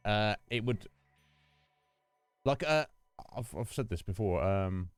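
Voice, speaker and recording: A British man streaming a game, musing aloud to his viewers in a relaxed, rambling way with plenty of ums and restarts. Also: fairly low pitch, slow pace, clean tone, no echo, soft background music. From United Kingdom. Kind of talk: casual chat during a game stream.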